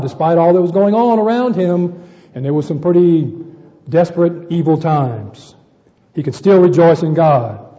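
A man's voice: fairly high pitch, mellow, in a large hall, highs cut off. A man preaching a sermon to a congregation, addressing them as brethren and often repeating words as he searches for the next.

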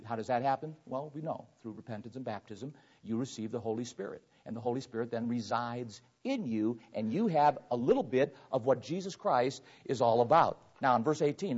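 A man's voice: mid-range voice, darkish tone. A man preaching a sermon to his congregation, reading scripture aloud and explaining it verse by verse. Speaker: pastor. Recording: dull lo-fi sermon recording.

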